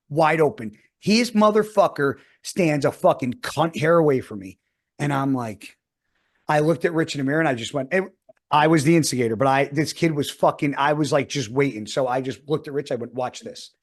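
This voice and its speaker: A man in his forties, voice a little high and brisk, co-hosts a podcast and tells a story in casual chat. His animated storytelling is heavily profane, with constant swearing.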